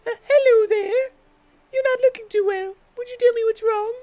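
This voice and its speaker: Woman doing a squeaky meddling girl. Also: steady tone, moderate pace, warm tone, poor audio. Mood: eager. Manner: high, squeaky, pushy put-on voice. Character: meddling, eager young woman matchmaker.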